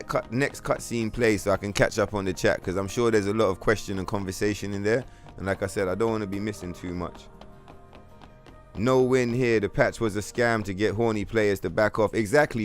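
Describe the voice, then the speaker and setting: A man's voice: on the low side, brisk, faint music behind. Blunt London man streaming a game. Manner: blunt, profane, trollish banter. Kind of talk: casual livestream chat.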